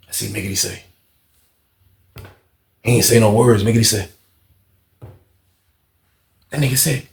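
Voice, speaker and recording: A man's voice: fairly low pitch, unhurried, creaky, long pauses, roomy sound. A man telling a prison story in casual, profane storytime style, acting out what others said. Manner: animated, profane, acts out other people's lines. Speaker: storyteller, channel host.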